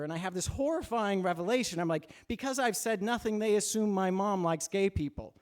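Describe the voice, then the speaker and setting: A man's voice: mid-range voice, a little mellow. Earnest man telling a personal story on stage. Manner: earnest, candid, wry self-deprecating delivery. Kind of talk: live first-person storytelling. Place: stage at a live storytelling event.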